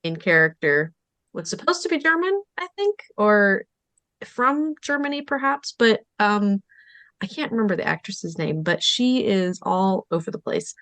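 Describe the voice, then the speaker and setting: A woman's voice: medium pitch, sing-song, normal speed, a bit bright, dry recording. A woman appearing as a guest on a casual movie podcast, chatty and full of "um" and "like". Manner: chatty, many fillers like "um" and "like".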